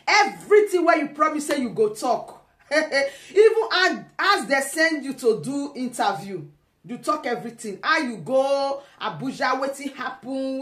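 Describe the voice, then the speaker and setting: A woman's voice: high voice, fairly bright tone, reverberant. A woman with a Nigerian accent giving teasing, laughing commentary in casual pidgin.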